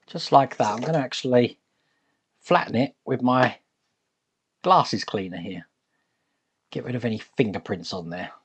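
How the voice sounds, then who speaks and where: Upbeat male hobby host talking through a kit build, fairly high voice with animated pitch. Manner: chatty, upbeat, laughs at the model's size. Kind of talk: step-by-step build commentary.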